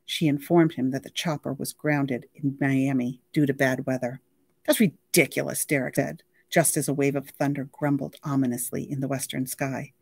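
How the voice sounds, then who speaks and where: Library reader doing a novel out loud, expressive and lively, dry close sound. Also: mid-range voice, normal speed, creaky, few pauses, no room sound. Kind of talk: reading a novel aloud.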